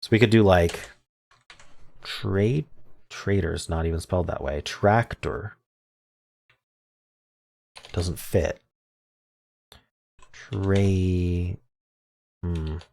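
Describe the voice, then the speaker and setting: A man's voice: low voice, drawn-out words, vocal fry, long pauses, darkish tone. A man hosting a word puzzle video, thinking aloud in casual commentary with muttered half-sentences. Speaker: word game video host.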